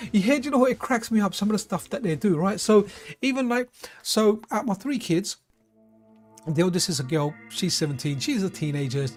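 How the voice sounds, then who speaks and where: Chatty man with lively, high pitch. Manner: chatty, laughs often, animated storytelling. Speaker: retro gaming YouTuber. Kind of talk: casual gameplay commentary.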